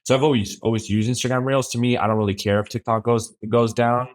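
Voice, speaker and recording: A man speaking as a podcast guest in a relaxed, rambling way, with frequent restarts and fillers. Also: mid-range voice, fast. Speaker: podcast guest, brand creative officer. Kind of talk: casual interview chat.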